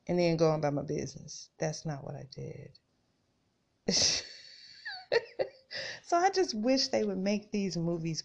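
A woman's voice: sits low, vocal fry, a little mellow. A woman hosting a podcast, reading scripture and talking casually to her listeners, repeating phrases for emphasis. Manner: chatty, addresses listeners as "y'all". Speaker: podcast host. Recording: dull lo-fi recording.

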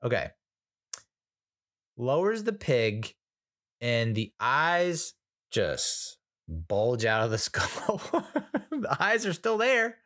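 A man's voice: medium pitch, wildly swooping pitch, drawn-out words, pauses often, fairly bright tone. An American man hosting a casual solo podcast, telling stories in a chatty, self-mocking way. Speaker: podcast host.

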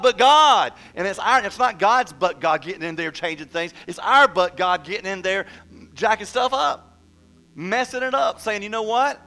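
A man preaching a sermon in an animated way, acting out Bible figures with a rising voice and often repeating words as he goes. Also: sits high. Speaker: pastor.

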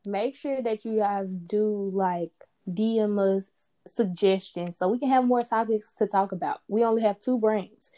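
A young woman co-hosting a podcast, chatting casually and animated, often laughing. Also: mid-range voice, measured pace. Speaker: podcast co-host. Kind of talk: casual chat.

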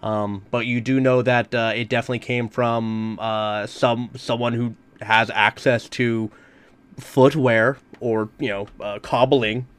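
Slow, hesitant male game master. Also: mid-range voice, flat delivery, fairly bright tone, clear, resonant tone. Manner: hesitant, many fillers, improvising. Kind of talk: running a tabletop game.

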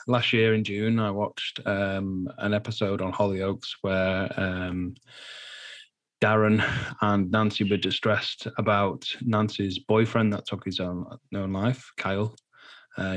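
A man giving a personal interview testimony in a halting, earnest way, full of fillers and restarts, sounding nervous. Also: fairly low pitch, little pitch movement. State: nervous, anxious while speaking. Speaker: guest.

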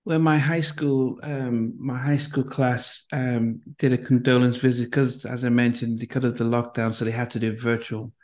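Middle-aged host from Nigeria: reflective, gentle, flat-toned, restarts often. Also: male voice, medium pitch, normal speed, few pauses. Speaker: podcast host. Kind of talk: conversational interview.

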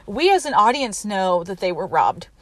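A woman's voice: mid-range voice, big pitch swings, normal speed, no room sound. A young adult woman recapping a movie casually on her podcast, chatty, saying "like" a lot and laughing often. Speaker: podcast host.

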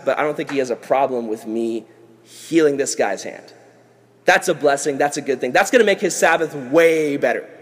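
A man teaching a casual Bible lesson to kids as a youth pastor, animated and jokey, acting out characters. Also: fairly high pitch. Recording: long hall reverb.

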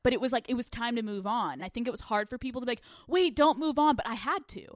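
Animated, profane young woman podcast host. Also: a little high, rapid-fire, no echo, clean studio sound. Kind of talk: casual podcast chat. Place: couch at home.

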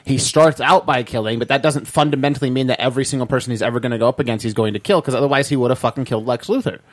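A man's voice: medium pitch, racing, no echo. A man co-hosting a casual podcast, arguing and explaining his points and swearing now and then. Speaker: podcast co-host.

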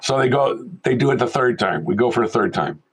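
A man's voice: mid-range voice, brisk, breathy edge, low-quality recording. An older man, a veteran film sound mixer, telling stories casually as an interview guest and animatedly acting out the people in them. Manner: animated storyteller who acts out quoted voices.

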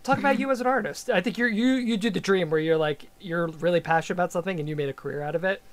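A man's voice: high-pitched, rapid-fire. A man hosting a podcast, playful and rambling, laughing often as he introduces his guest. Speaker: podcast host. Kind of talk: casual podcast chat.

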